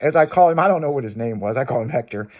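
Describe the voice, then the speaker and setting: A man's voice: mid-range voice, animated, rapid-fire, dull audio. A man hosting a radio show, telling a long crude story in loose casual talk.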